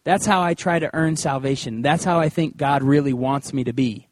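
A man preaching a sermon in a conversational, animated way, weaving in personal stories. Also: mid-range voice, moderate pace, dry recording. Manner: conversational and animated, with acted-out quotes. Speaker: pastor.

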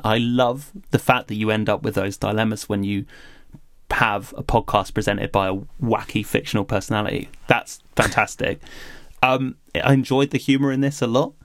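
A man's voice: medium pitch, no echo, studio quality. A man, co-hosting a podcast, talking thoughtfully and animatedly with some laughter. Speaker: podcast co-host. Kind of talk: casual podcast review chat.

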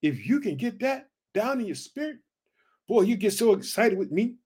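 High-voiced fervent male preacher. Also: very animated, moderate pace, darkish tone, husky. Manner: fervent, repetitive call-and-response preaching. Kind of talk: sermon.

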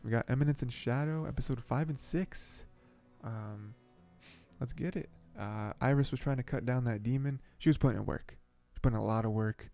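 Man, podcast host, casual anime commentary, rambling, frequent chuckles, gravelly voice. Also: medium pitch, dark tone. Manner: rambling and chatty, chuckles often, many fillers. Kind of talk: casual episode recap and commentary.

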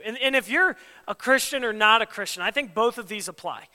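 A man's voice: very high-pitched, expressive, moderate pace, bright, forceful tone. A man giving a conversational, emphatic sermon as a pastor, acting out quoted dialogue as he goes. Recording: long hall reverb.

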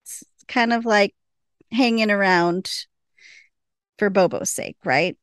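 A woman's voice: mid-range voice, slow, clean tone, no room sound. Woman podcast co-host, chatty recap delivery, laughs easily, dry close sound. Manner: chatty, laughs often, quotes characters. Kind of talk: casual TV episode recap.

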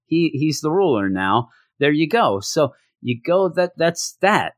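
A man talks through a comic storyline in a loose, joking way, now and then slipping into quick impressions of the characters. His voice sits a little high and swoops widely in pitch. The sound is dry and close, with no room around it. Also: no room sound. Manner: animated, jokey, acts out characters in quick voices. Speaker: comic book reviewer. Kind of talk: casual solo review chat.

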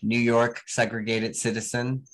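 A man's voice: medium pitch, level tone, a little slow, fairly bright tone, poor audio. A man from New Jersey hosting a podcast, talking casually and bluntly, swearing freely. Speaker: podcast host. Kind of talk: casual conversation.

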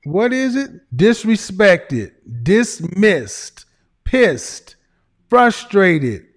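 A man's voice: high-pitched, animated, a little slow, darkish tone. A man hosting a livestream who gives relationship advice, lecturing emphatically, repeating himself and swearing at times. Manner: emphatic, repetitive lecturing with profanity. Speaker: livestream host.

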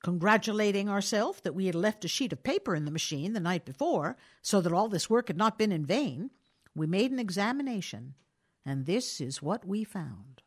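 A woman narrating and introducing classic stories in an expressive storytelling style. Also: mid-range voice, moderate pace. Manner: expressive, lively. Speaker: reader, narrator.

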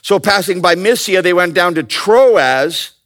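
A man teaching a Bible study in a lively, joking way, often calling on his listeners to answer. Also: high voice, unhurried. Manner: animated, playful, calls out to the audience. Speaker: pastor.

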